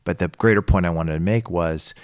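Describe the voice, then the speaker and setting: A middle-aged man in a casual podcast chat who tells stories in an animated way and acts out the voices of the people in them. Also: low voice, a little fast, clean tone, no echo, studio quality. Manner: animated storyteller acting out quoted voices. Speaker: podcast co-host.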